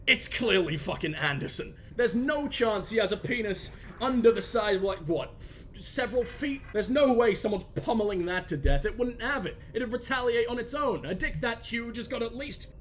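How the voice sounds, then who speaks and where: A young man doing crude, joking, excitable gaming commentary. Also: sits high, moderate pace, a little hiss or hum.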